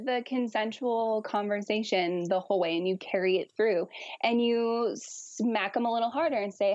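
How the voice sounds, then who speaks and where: A woman's voice: on the high side, normal speed, no echo, highs cut off. Frank, laughing woman talking about kink. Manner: frank, animated, laughs often, swears. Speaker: guest kink educator. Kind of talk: casual podcast chat.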